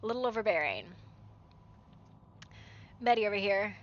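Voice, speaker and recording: Young woman streamer, swears a lot, bright voice, kinda muffled mic. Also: mid-range voice, animated, moderate pace. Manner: casual, swearing, laughing, reading game text aloud. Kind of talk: game live stream commentary.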